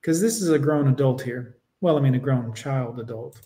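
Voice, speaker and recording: A man's voice: medium pitch, moderate pace, warm tone. A male host doing livestream reaction commentary, mocking and sarcastic, with crude asides to his viewers.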